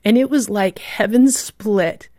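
A woman guest telling a story with vivid, heartfelt feeling. Her voice sits in a middle range and often sinks to a hush. The recording is dry and close. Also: mid-range voice, slow, no echo. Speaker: guest author. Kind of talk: emotional storytelling in a radio interview.

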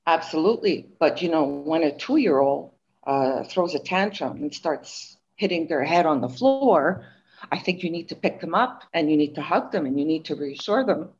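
A guest author, an older woman from Montreal, Canada, chats through an interview with animated storytelling and plenty of fillers. She speaks in a low voice at normal speed, and the audio is dull.

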